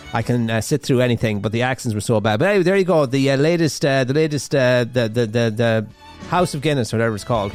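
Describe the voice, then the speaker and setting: A man's voice: medium pitch, no echo. A man hosting a radio show, chatting casually through the news with a rambling manner and lots of fillers and restarts. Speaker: radio host. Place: radio studio.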